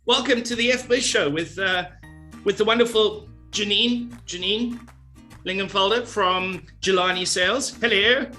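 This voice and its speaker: Jokey male co-host on a video call, bright voice, faint music behind. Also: sits high, normal speed. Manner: goofy, jokey, animated. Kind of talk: playful business show chat.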